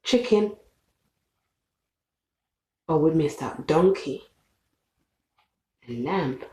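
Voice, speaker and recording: A woman's voice: sits low, lively intonation, very slow, dark tone. A woman reading a children's picture book aloud, patiently naming animals, asking questions and counting with the child. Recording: echoey room.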